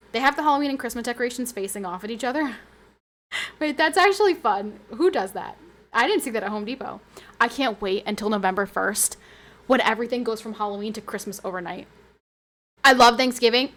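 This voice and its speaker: A woman streamer chatting casually with her viewers and reading their messages aloud. She is animated and giggly, with sudden high squeals. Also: fast. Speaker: livestreamer.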